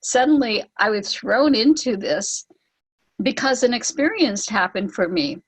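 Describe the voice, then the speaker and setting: Animated storytelling woman, higher voice. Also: unhurried, husky, low-quality recording. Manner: animated, acts out quoted voices with laughs. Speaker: spiritual teacher and ceremony leader. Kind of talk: storytelling talk on an online call.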